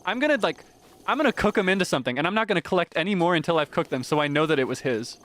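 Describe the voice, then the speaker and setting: A man's voice: fairly high pitch, expressive, very fast, a bit bright. A man streaming a video game, chatting casually in a playful way and laughing often. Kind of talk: casual gameplay commentary.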